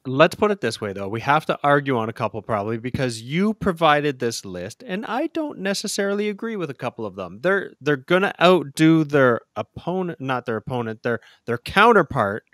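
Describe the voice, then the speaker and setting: Joking male sports podcast co-host, mid-pitched voice, dry close sound. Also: very animated, normal speed, hardly any pauses, a bit bright, no echo. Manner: joking, self-deprecating. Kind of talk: casual sports chat.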